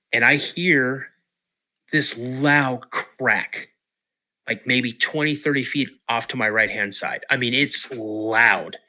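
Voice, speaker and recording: A middle-aged man, a podcast guest, telling a story casually with lots of repeats and restarts. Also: mid-range voice. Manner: animated, repeats words and restarts.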